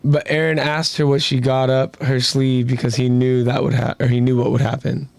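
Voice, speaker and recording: Gravelly man on a podcast, dry sound. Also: flat delivery, normal speed, no echo. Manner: interjects short agreements, acts out quotes loudly and high. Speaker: podcast co-host. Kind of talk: casual podcast discussion.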